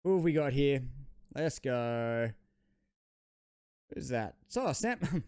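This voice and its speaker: A man's voice: medium pitch, lively intonation, slow pace, pauses often, a little mellow, clean tone, dry recording, clean studio sound. A man with an Australian accent hosting a trading card channel, giving rambling, self-deprecating unboxing commentary.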